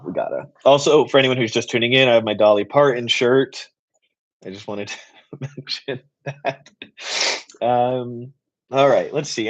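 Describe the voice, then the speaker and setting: Man, live stream host, passionate rambling delivery, mid-pitched voice, slightly muffled lo-fi sound. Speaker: political writer and activist host.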